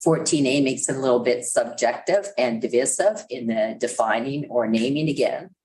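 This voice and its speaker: A woman's voice: rumbling low, moderate pace, darkish tone, low-quality recording. A woman councillor in a council chamber, methodically going through a policy clause by clause while losing her voice. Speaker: city councillor. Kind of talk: council debate, reading out policy.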